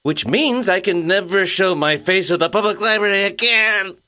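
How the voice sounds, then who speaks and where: A man's voice: high-pitched, normal speed, sharp tone, voice pushed up. A man voicing a nervous, awkward young male bear in a cartoon, who stammers and talks himself up. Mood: hopeful. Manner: anxious, stammering, self-pepping. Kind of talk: cartoon voice acting.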